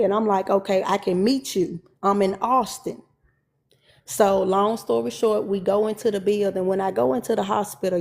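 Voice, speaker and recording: Mellow-voiced woman telling a story. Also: mid-range voice. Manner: conversational, Southern Black vernacular, addresses viewers as y'all. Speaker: storyteller and minister. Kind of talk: casual storytelling to viewers.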